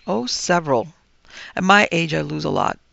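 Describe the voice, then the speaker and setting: A man voicing a mild, fussy old male dragon who speaks in a genial, unhurried, teasing way. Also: on the high side, very animated, creaky, bright, forceful tone, dry recording, muffled recording, exaggerated voice.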